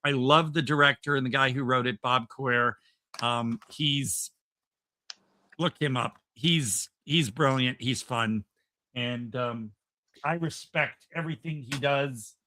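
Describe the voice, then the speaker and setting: A man's voice: medium pitch, takes it slowly, bright, forceful tone, no echo. A man hosting a casual podcast chat, talking in an enthusiastic, rambling way with lots of "um"s and restarts. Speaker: podcast host.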